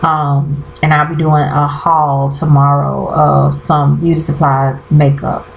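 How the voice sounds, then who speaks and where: Animated woman, echoey bedroom vlog. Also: low-pitched, slow pace, gravelly, slight background noise. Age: 30s. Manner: animated, exclaiming, addresses viewers as y'all. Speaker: vlogger. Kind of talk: casual chat recapping a TV episode. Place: bedroom at home.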